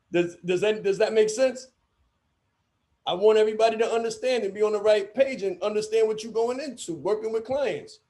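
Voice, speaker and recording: A man with a notably high voice leads a training session for coaches. He speaks emphatically and circles back to repeat his main points. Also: moderate pace, long pauses, warm tone. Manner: emphatic, repeats key phrases.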